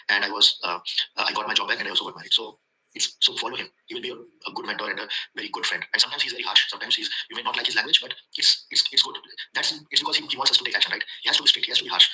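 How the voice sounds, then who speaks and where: Fast-talking Indian man with a bright, tense voice. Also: fairly low pitch, low-quality recording. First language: not English. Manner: rambling, repeats himself, many fillers. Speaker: student giving a testimonial. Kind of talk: casual testimonial.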